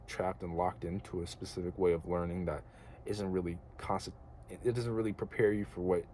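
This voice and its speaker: A young American vlogger delivers an earnest, rambling spiritual monologue to camera, casual and slangy and full of filler words. His voice sits low with a dark tone, and there's a little hiss or hum.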